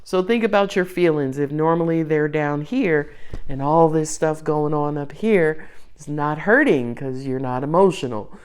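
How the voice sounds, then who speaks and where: A woman giving a casual tarot reading to her viewers, expressive and playful, coaxing them and laughing often. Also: deep voice, moderate pace, clear, resonant tone. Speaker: tarot reader.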